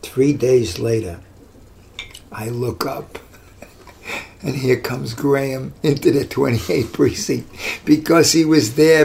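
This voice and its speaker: An older former detective with a gravelly, mid-range voice tells interview stories from his career. He's animated, acting out each voice he quotes. The recording is rough.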